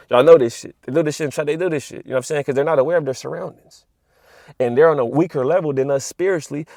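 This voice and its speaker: A man's voice: a little high, vocal fry, darkish tone, no echo, studio quality. A young man ranting casually to camera about spiritual energy, profane and repetitive, full of street slang and "you know what I'm saying.". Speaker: spiritual vlogger.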